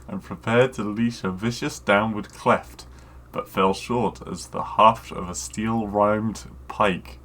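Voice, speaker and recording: A man with a fairly low, bright and forceful voice co-hosts a casual podcast. He reads a clumsy fantasy passage aloud at a slow, careful pace, then slips back into loose banter full of swearing and laughter. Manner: reads deliberately, swears freely, laughs often. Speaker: podcast co-host. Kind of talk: casual podcast chat and dramatic reading aloud.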